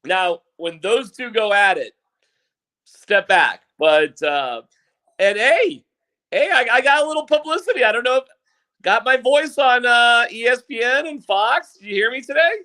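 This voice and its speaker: A man who is a longtime sports radio voice, chatting as a guest in an animated, joking way and acting out his own reactions. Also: extremely high pitch, measured pace. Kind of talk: casual sports chat.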